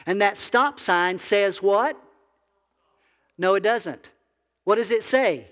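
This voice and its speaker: A man's voice: high voice, takes it slowly, fairly bright tone, long reverb tail. A man, a biblical counselor, preaching a conversational sermon that asks the audience questions. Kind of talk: sermon to a congregation.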